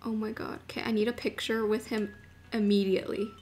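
A young woman streaming a video game, chatting casually and gushing excitedly, dropping to murmurs and rising to squeals. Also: medium pitch, brisk, a little hiss or hum. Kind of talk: casual live-stream chat while gaming.

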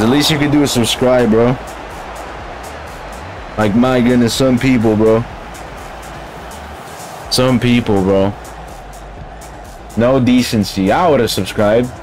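Male streamer, mid-pitched voice, slangy and grumbly, chatting to chat over loud music. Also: a little slow, long pauses. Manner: slangy, grumbling, calls listeners bro. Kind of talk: casual live-stream chatter.

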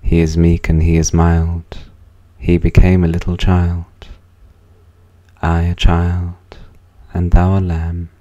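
Slow, deep-voiced man reading poetry. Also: monotone, mellow, dull audio. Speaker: poetry reader. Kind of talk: slow, measured poetry recitation.

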